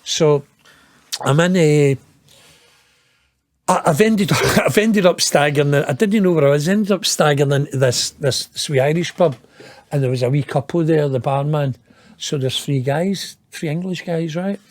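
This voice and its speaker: Scottish male, 50s, interview guest, slightly high voice, rambling profane storyteller, dry close sound. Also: normal speed, dry recording. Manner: rambling, profane, laughs at his own tale, self-mocking.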